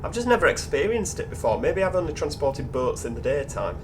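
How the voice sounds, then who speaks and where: A man's voice: on the high side, very animated, a little fast, noisy background. A man with a Yorkshire accent hosting casual gameplay commentary, chatty, musing aloud and talking to the other drivers. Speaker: gaming channel host.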